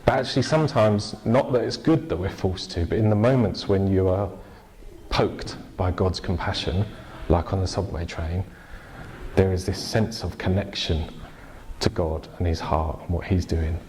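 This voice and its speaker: A man's voice: low voice, moderate pace, darkish tone, a little hiss or hum, poor audio. A man preaching an informal, jokey church sermon, chatting with the congregation and asking them questions.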